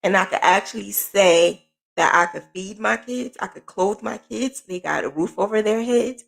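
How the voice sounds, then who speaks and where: Woman, business mentor, casual motivational vlog, gravelly voice, earnest and repetitive. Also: medium pitch, normal speed. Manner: earnest, encouraging, repeats phrases for emphasis. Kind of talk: casual motivational talk to camera.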